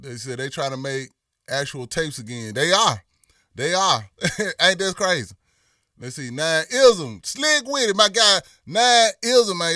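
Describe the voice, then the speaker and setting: A man's voice: on the high side, sharp tone, clear, resonant tone, no room sound, clean studio sound, far from the mic. A middle-aged man with a Memphis accent, hosting a casual livestream and reading viewer comments in a drawling, laid-back way, his voice a little worn from performing. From Memphis, Tennessee. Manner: laid-back, drawling, lots of "you know what I'm saying". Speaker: livestream host.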